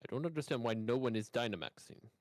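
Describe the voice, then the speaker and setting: A man's voice: mid-range voice, fast, dry recording, studio quality. Joking man chatting over a game. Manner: joking, playful banter. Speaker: streamer playing with friends. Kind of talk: casual gameplay chat.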